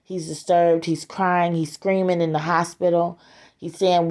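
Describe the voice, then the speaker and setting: A woman casually retelling a story in a halting way, with frequent fillers and repeated words. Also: on the low side, flat delivery, darkish tone.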